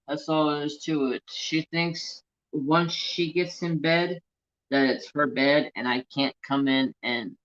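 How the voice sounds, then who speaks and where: A man's voice: medium pitch, fairly bright tone, dull audio. An American man chatting casually and playfully about his pets and talking to them, as a craft channel host.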